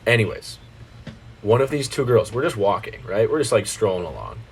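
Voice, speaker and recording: Young American man, husky low voice. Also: a little fast. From United States. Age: young adult. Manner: animated, swearing, jumps into put-on voices. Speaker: guest. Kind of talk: casual storytelling chat.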